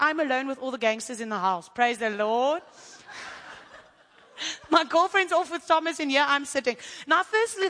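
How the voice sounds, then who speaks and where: A woman's voice: sits high, big-room sound. A woman preaching and telling a testimony, acting out the people in her story. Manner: animated storytelling, acting out quotes. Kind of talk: sermon testimony.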